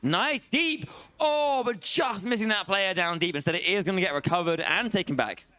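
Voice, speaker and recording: A man's voice: sits high, lively intonation, moderate pace, pushed and bright. A young man commentating a live esports match play-by-play, exclaiming at big plays.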